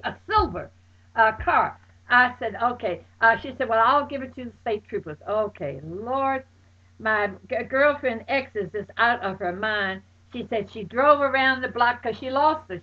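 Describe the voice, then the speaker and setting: A high-voiced woman, retelling an anecdote with lively, dramatic exclamations. She voices the other people in the story herself. The recording is dull and lo-fi. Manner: exclaims loudly, acts out friends' voices. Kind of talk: animated personal anecdote.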